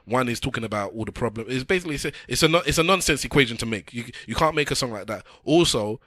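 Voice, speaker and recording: A man's voice: medium pitch, animated, rapid-fire, bright, forceful tone, no room sound, studio quality. A man hosting a casual podcast, arguing his points and steering the talk. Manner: argumentative, wraps up the show. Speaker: podcast host.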